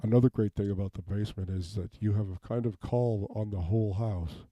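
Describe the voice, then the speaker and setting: A man rambling through an improvised comedic monologue in a deadpan way, asking "okay?" over and over. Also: on the low side, brisk, no echo, lo-fi sound. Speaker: comedic self-tape performer. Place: home basement.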